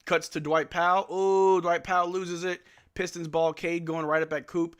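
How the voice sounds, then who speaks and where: A man hosting a casual live watch-along, calling plays excitedly at home and tossing in joking asides with lots of "bro.". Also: fairly high pitch, normal speed, few pauses, clear, resonant tone. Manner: excitable play-by-play mixed with joking asides, says "bro" often. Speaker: live stream host.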